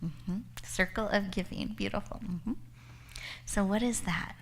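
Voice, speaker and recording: A woman's voice: medium pitch, steady tone, unhurried. A woman giving a motivational talk, telling a story and speaking straight to her listeners. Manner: warm storytelling with laughter, addresses listeners directly. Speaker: speaker and host.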